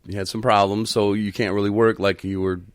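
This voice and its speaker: A man's voice: fairly low pitch, level tone, a little fast, dry recording, studio quality. A man hosting a recovery podcast in casual chat, easygoing and laughing often. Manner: easygoing, laughs often, acts out others' lines. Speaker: podcast host.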